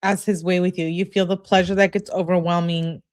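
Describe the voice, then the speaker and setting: A woman's voice: on the low side, brisk, natural voice. A woman reading aloud the messages of a domineering man's role-play persona in her own plain voice. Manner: read aloud flatly.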